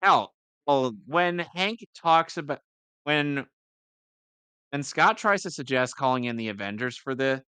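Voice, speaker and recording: A man's voice: medium pitch, expressive, a little slow, bright, forceful tone, clear, resonant tone, no echo. A man co-hosting a casual reaction podcast, chatty and explaining plot details at length. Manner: chatty, explains at length, agrees with lots of yeah. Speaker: podcast co-host.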